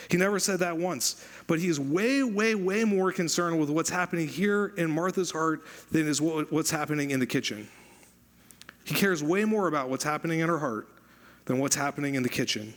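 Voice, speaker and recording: A man preaching a sermon as pastor, conversational and animated, repeating phrases for emphasis. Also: on the high side, moderate pace.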